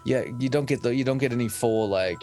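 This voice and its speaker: A man's voice: mid-range voice, quick pace, a little mellow, soft background music. A man co-hosting a podcast, recapping a horror film in rambling, profane chat with lots of giggling. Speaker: podcast co-host. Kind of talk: casual movie review chat.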